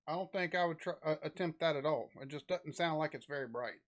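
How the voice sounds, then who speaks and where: A man speaks off the cuff, and his sentences stop and start as he works his thoughts out. His voice sits a little higher than most men's, and it is loose and conversational. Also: quick pace. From Southern United States. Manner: rambling, with frequent restarts and fillers. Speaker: reaction video host. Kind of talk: casual reaction commentary.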